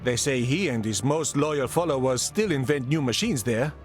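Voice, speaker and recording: In a game, an actor plays a wary male soldier passing on uneasy rumors. His mid-range voice has lively intonation at a normal speed and sounds close to an everyday voice, with faint music behind him.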